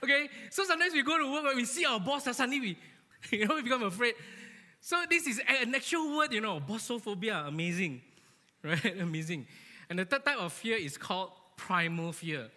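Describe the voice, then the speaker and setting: A man giving a lively, joking sermon to a church, animated and often asking his listeners "right?", in an echoey church hall. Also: extremely high pitch, brisk. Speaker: church speaker.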